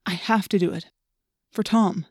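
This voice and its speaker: A woman's voice: medium pitch, steady tone, moderate pace, darkish tone, dry recording, studio quality, close to an everyday voice. A woman voicing an earnest, worried teenage boy speaking in a pleading way.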